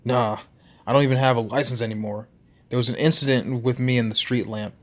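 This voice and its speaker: A man's voice: medium pitch, fairly even intonation, fairly quick, natural voice. A man doing a blustering barfly. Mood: defensive. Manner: defensive, blustering, casual slang. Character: brash defensive male small-town barfly. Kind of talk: reading a story game aloud.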